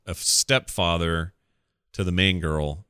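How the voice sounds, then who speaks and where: A man's voice: sits low, fairly even intonation, slow pace, bright, forceful tone, smooth, no echo, clean studio sound. A man hosting a podcast, riffing loosely and jokingly about a movie. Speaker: podcast host. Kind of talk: casual movie commentary.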